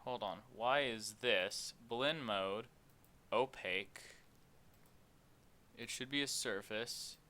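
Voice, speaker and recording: Slow, rambling young man explaining software. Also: fairly low pitch. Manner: rambling, many fillers, thinking aloud. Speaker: game dev tutorial host. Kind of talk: unscripted screen-recorded tutorial.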